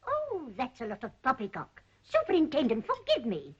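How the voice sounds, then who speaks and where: A woman's voice: high voice, huge pitch swings, moderate pace, breathy edge, full character voice. An actress playing a prim, schoolmarmish old English lady in a 1950s crime film. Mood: indignant. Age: older. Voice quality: schoolmarmish, a bit la-di-da. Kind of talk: 1950s British film acting. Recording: dull old film soundtrack.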